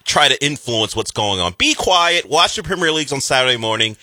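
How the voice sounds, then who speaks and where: Bright, lively-voiced sports talker man. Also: medium pitch, fairly quick, no room sound. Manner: lively, mocking mimicry of others. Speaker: radio sports show host. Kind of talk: casual sports banter.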